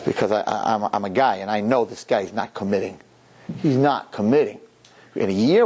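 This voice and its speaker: A male rabbi telling a story in a sermon, animated, acting out the people in it. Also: lowish voice, moderate pace, a little hiss or hum. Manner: animated, acts out characters.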